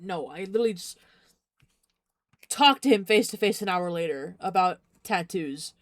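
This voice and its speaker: A woman's voice: medium pitch, animated, fairly quick, no room sound. A young adult woman streamer chatting casually, rambling, giggling often, and repeating herself. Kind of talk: casual chat.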